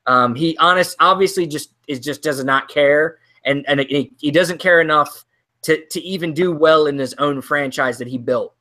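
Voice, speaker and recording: A man's voice: fairly high pitch, moderate pace, sharp tone. A man co-hosting a casual movie talk show, rambling and ranting with lots of ums and restarts. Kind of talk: casual chat.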